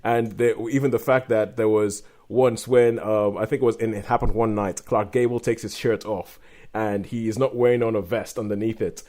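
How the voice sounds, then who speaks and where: A man's voice: on the low side, steady tone, moderate pace, darkish tone. A man hosting a podcast, talking in a chatty way with frequent laughs. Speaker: podcast host. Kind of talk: casual chat.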